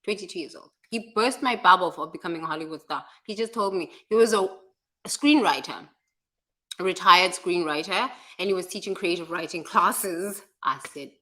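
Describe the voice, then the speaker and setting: A woman tells stories in candid, casual conversation. Her tone is bright and forceful, with an easy laugh running through her talk. She speaks frankly and drops the odd swear word without hesitation. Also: fairly low pitch, moderate pace. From South Africa. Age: adult. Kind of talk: candid storytelling chat.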